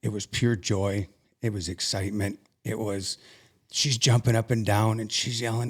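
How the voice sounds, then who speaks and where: A young man earnestly recounting a personal story as an interview guest, halting and emotional at times. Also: fairly low pitch.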